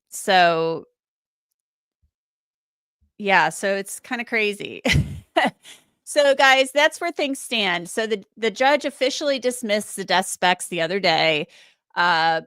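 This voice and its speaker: Chatty woman with a smooth, dry voice. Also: lowish voice, a bit bright, no room sound. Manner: rambling, filler-heavy, chatty. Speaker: legal commentator. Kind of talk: casual livestream commentary.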